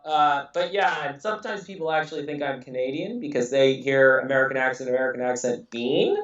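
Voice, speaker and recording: A man's voice: medium pitch, quick pace, a bit bright. Man talking loosely in an echoey room. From England. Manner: rambling, many fillers and restarts, laughs often. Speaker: podcast host. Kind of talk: casual podcast conversation. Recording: echoey room, distant mic, dull audio.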